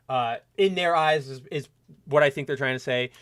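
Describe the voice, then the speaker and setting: A young man hosting a casual solo podcast, delivering an animated, opinionated rant from his home setup. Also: mid-range voice, normal speed, clean tone, no room sound, studio quality. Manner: animated ranting, mocking quoted voices. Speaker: podcast host.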